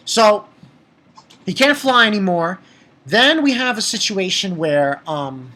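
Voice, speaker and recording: A man with a high, sharp-toned voice reviews anime, recapping an episode casually. The rambling summary, full of fillers and restarts, keeps giving way to profane, angry outbursts.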